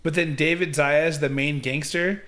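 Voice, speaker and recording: A man co-hosting a podcast, chatting casually with quick asides and frequent laughs. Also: a little high, fairly even intonation, fairly bright tone. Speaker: podcast co-host. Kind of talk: casual movie review chat.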